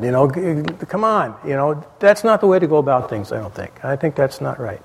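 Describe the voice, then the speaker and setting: A man's voice: on the high side, lively intonation, fairly quick, gravelly, hardly any pauses, husky, in a large hall. Man teaching a church class, with fillers. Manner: rambling, with frequent "you know" fillers and restarts. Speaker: Bible study teacher.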